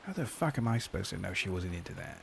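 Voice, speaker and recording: A man's voice: sits low, very animated, quick pace, creaky, fairly bright tone, a little hiss or hum. A man streaming in casual chat, crude and joking, often stammering and restarting his sentences.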